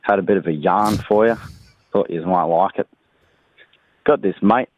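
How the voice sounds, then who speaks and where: A man telling a joke in a voicemail, halting, with lots of ums. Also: deep voice, no room sound. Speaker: caller. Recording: tinny phone line.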